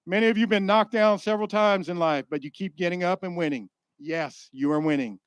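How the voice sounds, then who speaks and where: A man giving an energetic graduation speech at a school ceremony, rallying and joking with the graduates. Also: sits high, a little fast, clean tone, no echo.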